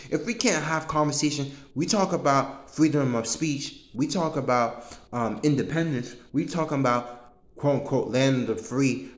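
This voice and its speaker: Guy ranting casually, swears a lot, earnest, mid pitch, echoey room. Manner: rambling, profane, earnest. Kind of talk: casual monologue.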